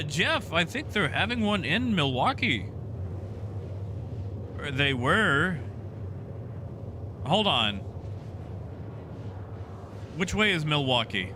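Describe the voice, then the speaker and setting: A man streaming a game, chatting casually and answering viewers by name. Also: fairly high pitch. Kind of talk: casual live-stream chat. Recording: noisy background.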